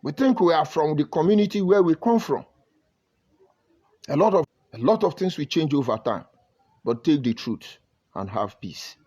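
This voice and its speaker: A man's voice: fairly high pitch, animated, moderate pace, pauses often, dark tone, slightly rough. A Nigerian man with a Nigerian accent giving emphatic live-stream commentary and greeting viewers from the comments. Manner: emphatic, preachy, reads viewer comments aloud. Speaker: online broadcaster.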